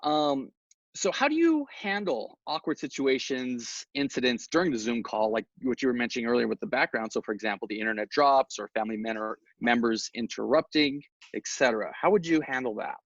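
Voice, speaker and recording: A man's voice: mid-range voice, animated, brisk, no room sound. A man hosting a webinar over a video call, putting audience questions to the guest in brief, upbeat prompts. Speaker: webinar host asking questions. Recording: dry, dull video-call audio.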